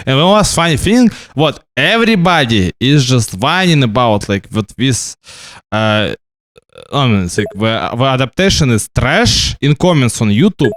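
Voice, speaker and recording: A man's voice: medium pitch, no echo, studio quality. Guy rambling over his game, stumbles on words a lot, bouncy up and down voice. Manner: rambling, stammering, tags "right?" often. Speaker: gamer streamer. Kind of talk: casual commentary while gaming.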